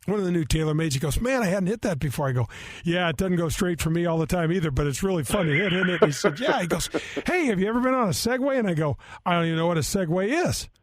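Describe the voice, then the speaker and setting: A man's voice: fairly high pitch, lively intonation, quick pace, few pauses, a little hiss or hum. A man in his sixties hosting a golf radio show, telling self-mocking stories in a rambling, chatty way. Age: 60s. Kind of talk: casual radio chat.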